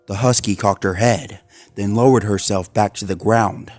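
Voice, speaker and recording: A man narrating a dark horror story in a measured way. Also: fairly low pitch, fairly even intonation, faint music behind.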